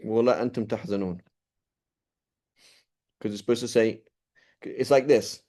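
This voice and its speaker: A man's voice: lowish voice, fairly quick, warm tone. A man teaching an informal Quran study class, explaining step by step and checking in with his listeners often.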